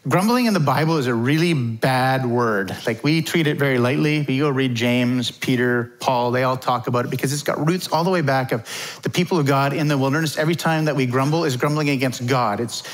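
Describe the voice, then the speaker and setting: A middle-aged man, a pastor, delivers a conversational sermon in a medium-pitched voice at a fairly quick pace. He keeps it informal and chatty, acting out the quotes he uses.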